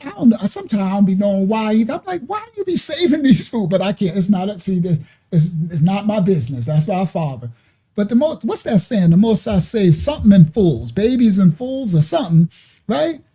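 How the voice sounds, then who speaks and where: A middle-aged man telling a story in an animated, rambling way, laughing and mimicking sounds. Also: sits high, a little fast, husky. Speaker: ministry speaker. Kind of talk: casual storytelling.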